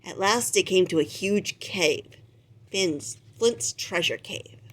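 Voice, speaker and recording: A woman's voice: mid-range voice, takes it slowly. Woman reading a children's book aloud. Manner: expressive, animated storytelling. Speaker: storybook reader.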